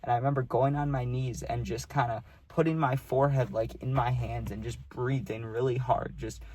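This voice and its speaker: A young man tells a wild personal story straight to his viewers. His voice sits at a middle pitch, and he keeps it loose and slangy, dropping "dude" between lines. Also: moderate pace, a little hiss or hum. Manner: slangy, animated, says "dude" often. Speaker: vlogger. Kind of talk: casual storytime monologue.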